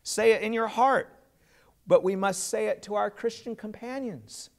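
A man's voice: high-pitched, normal speed, gravelly. A man preaching a sermon as pastor, earnest and plain, putting questions to his congregation.

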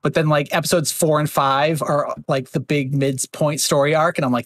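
Chatty man with a higher voice. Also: level tone, moderate pace, no room sound. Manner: chatty, filler-heavy, slips into mocking voices. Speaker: podcast host. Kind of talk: casual chat.

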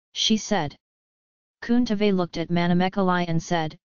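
A woman narrating an audiobook novel in an even, formal storytelling manner. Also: lowish voice, a little slow, clean tone, no room sound, dull audio.

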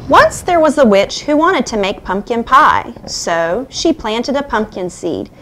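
A woman hosting a children's story time, reading a picture book aloud in an animated, sing-song way. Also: fairly high pitch, measured pace, noisy background.

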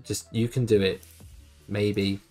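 A man's voice: lowish voice, flat delivery, slow, a little mellow, faint music behind. A young man commentating over a football management game, exasperated and grumbling at his team. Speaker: gaming YouTuber. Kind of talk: let's play commentary.

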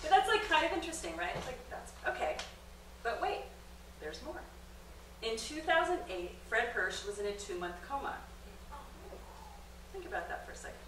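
A middle-aged woman gives a comedic storytelling lecture, jumping up in pitch as she plays out each quote. Her voice is bright and forward. The recording picks her up from across a roomy club with faint noise underneath. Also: brisk. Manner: animated storyteller, acts out quotes with big pitch jumps. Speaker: guest lecturer, documentary filmmaker. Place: comedy club stage with audience. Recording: roomy live-venue sound, distant mic.

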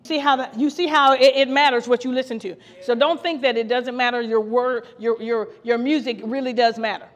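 A woman's voice: a little high, steady tone, fairly quick, few pauses, highs cut off. A woman co-pastor from Ohio preaching a fervent podcast sermon, repeating her phrases and laughing now and then. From Ohio, USA. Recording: long hall reverb.

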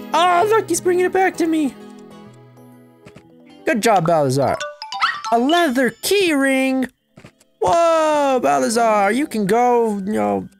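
A woman giving casual gameplay commentary, sarcastic and playful, chatting to a virtual puppy. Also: lowish voice.

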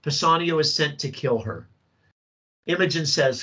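A middle-aged man, a drama teacher leading a workshop for other teachers, talking in an animated way and acting out student voices. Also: on the high side, normal speed, rough recording.

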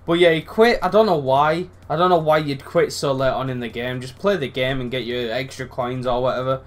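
A young man commentating his own football video game matches, excitable and rambling, swearing freely and shouting at big moments. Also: medium pitch, brisk. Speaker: gaming channel host. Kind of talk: live gameplay commentary.

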